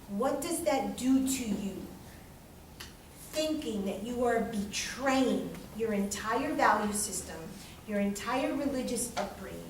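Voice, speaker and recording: Animated woman lecturing in an echoey room. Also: on the high side, background noise. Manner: animated, dramatic, swears freely. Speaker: instructor leading a class. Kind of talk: lively classroom lecture. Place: large echoey classroom. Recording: echoey classroom, distant mic.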